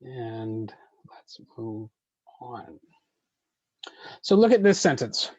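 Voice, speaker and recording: Measured man leading a poetry workshop. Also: mid-range voice, very animated, no echo, highs cut off. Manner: measured, with frequent ums and uhs. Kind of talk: online workshop talk answering questions.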